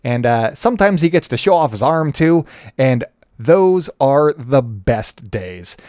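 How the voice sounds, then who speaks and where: A man's voice: mid-range voice, big pitch swings, measured pace, darkish tone, no room sound, clean studio sound. A man hosting a solo sports podcast in a chatty, joking and self-deprecating way. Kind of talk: casual solo podcast commentary.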